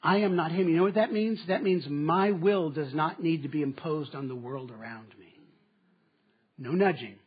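A man preaching a sermon, moving between strong statements and quiet asides. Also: a little high, normal speed, slightly rough. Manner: dynamic preaching, dropping to quiet asides with laughs. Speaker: pastor. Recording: slightly dull, muffled sound.

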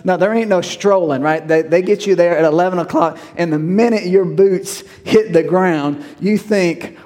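A man's voice: sits high, normal speed, few pauses, a little mellow, in a large hall. A male pastor, preaching a sermon in a folksy, conversational storytelling way.

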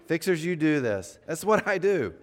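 A man's voice: a little high, sing-song, normal speed, some chatter behind. Man preaching in a reverberant hall. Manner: conversational, self-deprecating preaching. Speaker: pastor. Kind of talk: sermon.

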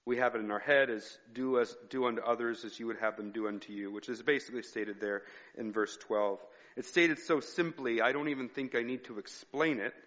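A man's voice: medium pitch, fairly even intonation, a little fast, hardly any pauses, a bit bright. A male pastor giving a conversational sermon, weaving personal stories into his teaching. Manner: conversational preaching with personal anecdotes. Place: church sanctuary. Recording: reverberant hall, dull sound.

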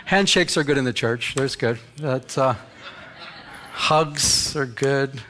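A man's voice: medium pitch, slow, bright, forceful tone, slight background noise. A man preaching a sermon as pastor, in a conversational way that acts out little stories.

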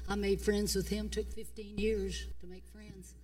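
An older woman pastor, preaching a fiery sermon. She swings between shouting and hushed tones in a folksy way. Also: mid-range voice, little pitch movement, measured pace, recorded from a distance, soft background music. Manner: folksy, repeats "come on". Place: church.

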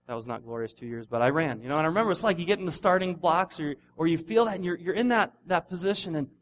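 A middle-aged pastor with a high voice gives a relaxed sermon, talking fast and casually with many restarts. He's animated, slipping into lively little voices for the runners in his examples. There's slight background noise.

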